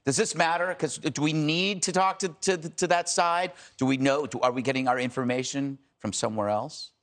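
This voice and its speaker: A man's voice: fairly high pitch, fairly even intonation, normal speed, a bit bright. A man moderating a TV panel discussion, with a dry, joking delivery. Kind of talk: opinionated panel talk. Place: TV studio.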